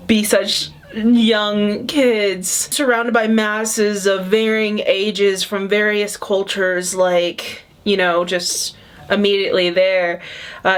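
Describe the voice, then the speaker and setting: A woman in her twenties chatting casually and emotionally as she reacts to a video, rambling with many fillers. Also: medium pitch. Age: 20s.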